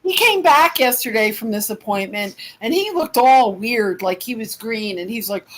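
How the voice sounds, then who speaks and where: A woman's voice: a little high, lively intonation, moderate pace, few pauses, poor audio. Angry exasperated woman venting, swearing. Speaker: participant in a group chat. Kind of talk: casual venting chat.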